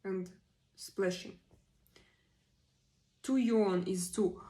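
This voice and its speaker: A woman in her forties who speaks English as a non-native language chats on a live stream, hesitantly repeating vocabulary words aloud to practice. Her medium-pitched voice is slow with frequent pauses, and the recording is rough.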